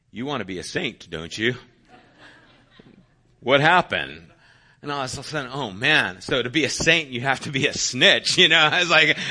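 Male pastor, middle-aged, bright forceful tone, chatty storytelling sermon. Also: medium pitch. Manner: conversational, anecdotal, with self-deprecating humor.

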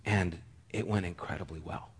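A man's voice: low-pitched, fairly even intonation, husky. Earnest man preaching a personal story. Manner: earnest, halting with repeated restarts.

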